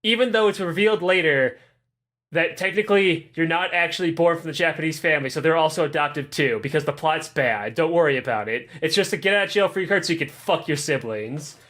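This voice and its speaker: High, bright-voiced guy ranting. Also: brisk. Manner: rambling, profane, animated recap. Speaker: podcast co-host. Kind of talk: casual chat.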